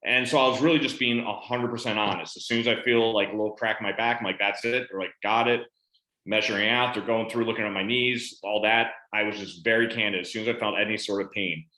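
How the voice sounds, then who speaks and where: This veteran speaks quickly in a lowish, steady voice with a bright, forceful edge. Sitting on a panel, he tells a casual story about his benefits, replaying conversations in quotes, and the recording carries a roomy echo.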